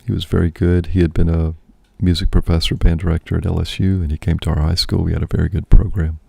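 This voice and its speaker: A man's voice: low voice, little pitch movement, fast talker, creaky, dark tone, slightly rough, dry recording. A man, a priest and host, musing aloud in casual spoken reflection, often checking in with "right?".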